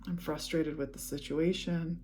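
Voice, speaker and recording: A woman leading a guided EFT tapping session, speaking calm, repetitive affirmations. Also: sits low, normal speed, a little hiss or hum.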